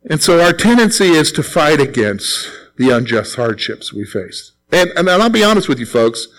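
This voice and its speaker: A middle-aged man preaches a sermon to his congregation. His voice sits a little high for a man. He keeps it conversational, repeats phrases and acts out little quotes. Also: very animated, moderate pace, a bit bright, poor audio. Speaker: pastor.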